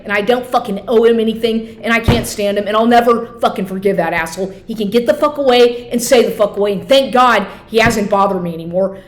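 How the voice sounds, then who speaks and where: A woman's voice: medium pitch, reverberant. A woman ranting to camera in a heated, repetitive way, swearing constantly as she vents about her day. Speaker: vlogger. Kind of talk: angry personal rant.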